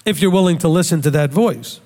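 High-voiced man teaching scripture. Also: brisk, warm tone, long reverb tail. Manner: conversational, asks rhetorical questions. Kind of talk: Bible study teaching.

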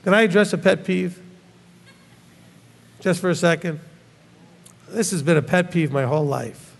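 A man preaching a sermon as a rabbi teacher, scolding with rhetorical questions and animated swings. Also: high voice, moderate pace, gravelly, long reverb tail.

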